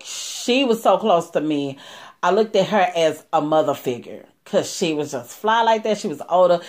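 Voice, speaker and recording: A woman, telling a personal story to her viewers in a chatty, animated way with many asides. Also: mid-range voice.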